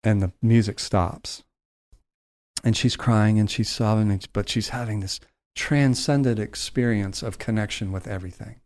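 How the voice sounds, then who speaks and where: A low-voiced man tells a heartfelt story on a podcast. He lets his voice drop and slow at the tender moments, drawing the listener in. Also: steady tone. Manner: slows down and softens for emotional moments.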